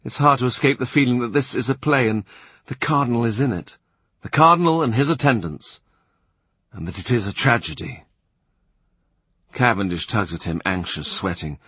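Husky male audiobook narrator. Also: medium pitch, moderate pace, pauses often, no room sound. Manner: even, literary reading. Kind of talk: scripted narration.

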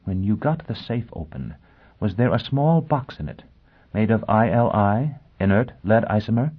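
A man voicing a bitter, proud young woman in an audiobook, speaking in a low, cutting, scornful way. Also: lively intonation, normal speed, breathy edge. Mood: urgent. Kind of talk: audiobook character voice. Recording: tinny phone-like sound.

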